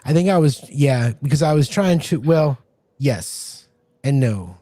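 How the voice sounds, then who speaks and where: A man's voice: mid-range voice, lively intonation, unhurried, mellow, no room sound. Rambling man co-hosting, dry close sound. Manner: rambling, with many restarts and fillers. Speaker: podcast co-host and game master. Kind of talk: casual chat.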